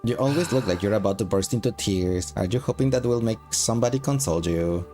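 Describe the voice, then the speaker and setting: A bitter male demon soldier full of self-hatred, as a man reads him in his own low voice. He swears constantly in a flat monotone, and faint game music sits underneath. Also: fast talker, lightly acted. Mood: contemptuous. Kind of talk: game dialogue read aloud.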